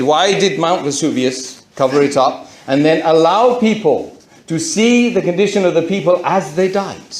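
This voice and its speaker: A man telling the audience his own story in a lively storytelling talk, full of rhetorical questions. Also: fairly high pitch, echoey room. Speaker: speaker giving a conversion testimony.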